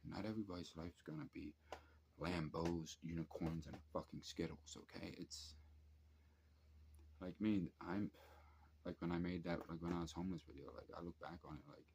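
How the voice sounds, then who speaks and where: A man in his thirties talks through a casual late-night rant, stringing profane stories together with lots of "like" and "you know." His voice sits very low, and faint background noise runs under the recording. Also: fairly even intonation, moderate pace, creaky, a little mellow. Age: 30s. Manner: rambling, profane storytelling with many fillers. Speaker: vlogger. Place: at home at night, drinking and smoking.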